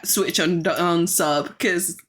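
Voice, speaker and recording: A woman's voice: lowish voice, fairly even intonation, slow, fairly bright tone. A woman co-hosting a podcast in casual chat, a native Spanish speaker who is blunt, laughs often and swears freely. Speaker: podcast co-host.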